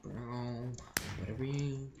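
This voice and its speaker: A teenage gameplay commentator talking excitedly and yelping in panic, repeating phrases over and over. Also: medium pitch, slow pace, dull audio, very noisy. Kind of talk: excited let's-play commentary. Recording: echoey room with keyboard clicks.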